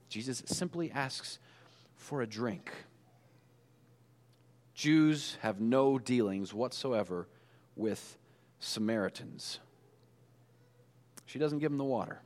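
A man preaching a sermon in a relaxed, conversational way, telling the story with animated asides. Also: medium pitch, slow, pauses often, long reverb tail. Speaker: pastor.

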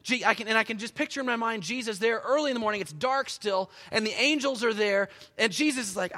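A high, bright male preacher whose pitch leaps around as he tells his story. His animated delivery sinks now and then into soft, quiet stretches. The sound carries a long reverb, as if from a large hall. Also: quick pace, few pauses. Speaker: pastor. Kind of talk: sermon.

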